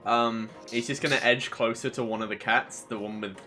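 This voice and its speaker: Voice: mid-range voice, steady tone, moderate pace, pushed and bright, soft background music. A player in a tabletop game describing what their character does, in a tentative way.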